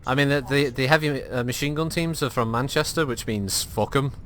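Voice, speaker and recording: A man's voice: medium pitch, a little fast, a bit bright, slight background noise. A man chatting and joking while streaming a game, with a lot of swearing. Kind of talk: live gameplay chat.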